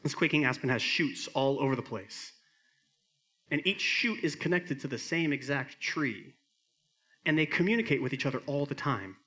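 A middle-aged man preaching a sermon as pastor, earnest, swinging from emphatic peaks to soft quiet lines. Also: mid-range voice, animated, moderate pace.

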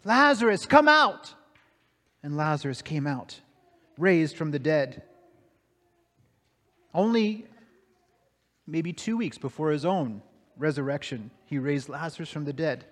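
High-voiced man preaching in a reverberant hall. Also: unhurried, long pauses. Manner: dramatic storytelling, swinging between hushed and raised. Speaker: pastor. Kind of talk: sermon.

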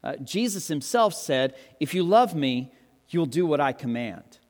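Animated pastor preaching in a reverberant hall. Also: male voice, measured pace. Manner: animated, joking, acts out quotes with big pitch jumps. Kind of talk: sermon. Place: church hall with long reverb. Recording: reverberant hall, live sermon.

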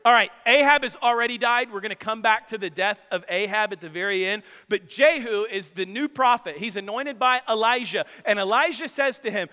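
A male pastor delivers his sermon in a high, bright and crisp voice. He tells the story dramatically and drops joking asides to the congregation. His voice rings with the long reverb of a large hall. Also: brisk, hardly any pauses.

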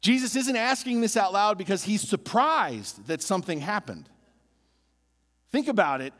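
A man preaching with a lively, rising and falling voice pitched a little high. He builds emphasis by repeating phrases. His sermon rings out with the long reverb of a large church sanctuary. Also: normal speed. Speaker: pastor.

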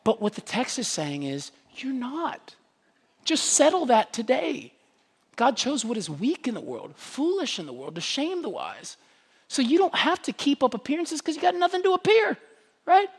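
A pastor preaching a sermon in an animated, conversational way, with emphatic rhetorical questions and quick asides. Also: breathy edge, long reverb tail. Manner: animated, conversational preaching with wide swings in pitch and loudness.

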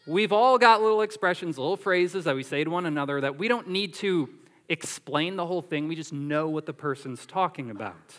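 A man preaching a sermon as pastor, animated and emphatic, drawing on everyday illustrations. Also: on the high side, fairly quick, big-room sound.

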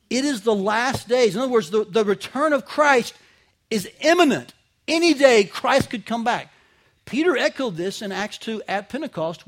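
Emphatic high-voiced male pastor preaching. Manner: emphatic preaching, rising to loud peaks and dropping low; asks the congregation rhetorical questions. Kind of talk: sermon.

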